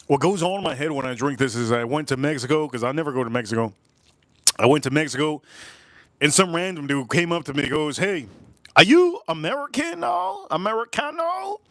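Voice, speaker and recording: A man hosting a live drink-tasting stream in casual chat, rambling and joking as he tells stories, with quick bursts and slow, drawn-out remarks. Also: fairly bright tone, no echo. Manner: slips into high put-on voices for quoted people.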